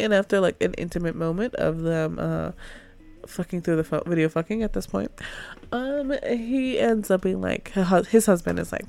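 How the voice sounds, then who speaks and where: Brief: woman hosting a book review, sarcastic and profane, lower voice with vocal fry. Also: normal speed, a little mellow. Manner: sarcastic, profane, heavy use of "like". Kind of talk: casual book review rant.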